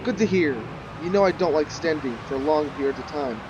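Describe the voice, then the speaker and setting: A man's voice: on the high side, a little fast, lo-fi sound, background noise, lightly acted. A man voicing an impatient male character's text messages in a visual novel. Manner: curt, impatient. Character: impatient man texting, a friend waiting.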